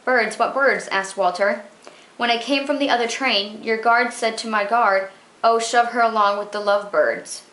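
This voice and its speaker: A woman reading short old magazine stories aloud, expressive and steady. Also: a little high, moderate pace. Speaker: reader. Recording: roomy echo.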